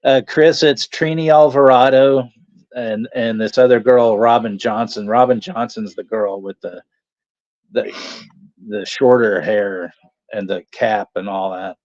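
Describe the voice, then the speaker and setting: A man's voice: fairly low pitch, steady tone, unhurried, a little mellow, dry recording. Laughing, swearing man telling stories. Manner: laughs through his anecdotes, swears freely. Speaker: watch party host. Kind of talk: casual storytelling chat. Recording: dull lo-fi dry sound.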